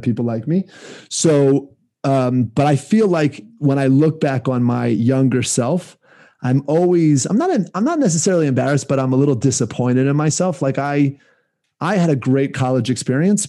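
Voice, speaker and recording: A man's voice: mid-range voice, mellow. A man co-hosting a casual podcast, telling rambling, self-reflective stories. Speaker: podcast co-host. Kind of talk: casual chat.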